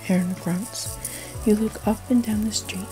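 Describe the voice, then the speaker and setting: A woman narrating an interactive story in a soft, hushed, second-person whispered role-play. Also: medium pitch, steady tone, measured pace, over music, rough recording.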